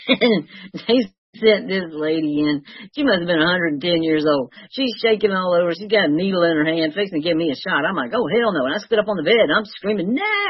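A woman's voice: lowish voice, a little fast, slightly rough, no room sound, muffled recording. An older woman sharing her recovery story with wry, self-mocking humor. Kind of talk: personal testimony, storytelling.

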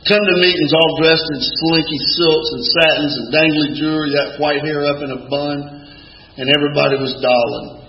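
Wry older storyteller in a hall. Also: male voice, on the high side, fairly even intonation. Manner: wry, folksy, slow storytelling with dry punchlines. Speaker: recovery meeting speaker. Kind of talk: storytelling talk at a meeting. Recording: echoey hall with dull lo-fi sound and faint room noise.

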